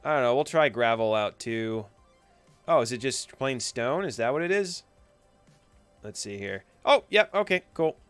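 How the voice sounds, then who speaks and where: A man's voice: medium pitch, expressive, measured pace, long pauses, smooth, dry recording, soft background music. A young man giving a screen-recorded tutorial, narrating each click with chatty, playful asides. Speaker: coding instructor.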